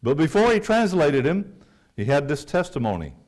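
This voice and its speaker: A man preaching a sermon, rising to loud emphatic peaks and dropping to quiet, low asides. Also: sing-song, moderate pace.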